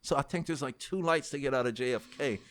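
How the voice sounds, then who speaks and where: A man's voice: medium pitch, fast talker. A middle-aged man with a New York accent, a rapper telling a long story as a podcast guest, acting out the voices of other people and swearing freely. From United States. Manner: animated storyteller who acts out dialogue, swears freely. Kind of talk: storytelling in a casual interview.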